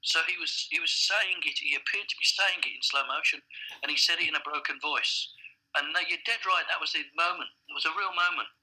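A man in a casual interview, a blunt and animated storyteller who swears freely. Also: on the high side, a little fast, breathy edge, rough recording. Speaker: advertising director, guest.

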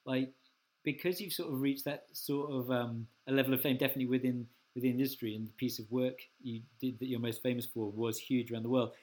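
A man hosting a podcast, asking questions in a relaxed, hesitant way with plenty of "um" and "sort of". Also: mid-range voice, a little fast. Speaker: podcast host. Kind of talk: casual interview chat.

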